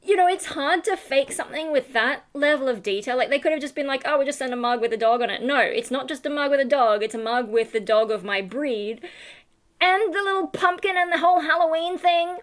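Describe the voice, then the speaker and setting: Woman vlogger, slightly high voice, loose rambling chat full of fillers. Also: fairly quick. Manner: chatty, rambling with many fillers and restarts. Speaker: YouTuber. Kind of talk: casual vlog chat.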